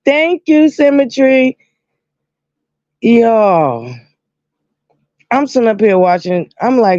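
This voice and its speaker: A woman hosts a casual live stream, drawling slowly and greeting her viewers with exclamations. Her voice is dry and close, with a dull, lo-fi sound. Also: on the high side, lively intonation, warm tone, no echo. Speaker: host.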